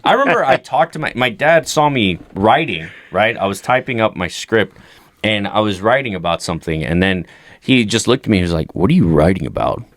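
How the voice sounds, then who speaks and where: A young adult man on a comedy podcast, telling profane stories about his dad and mimicking him in a lower, flatter voice. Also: a little fast, dry recording. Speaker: podcast co-host. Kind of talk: casual comedy podcast chat.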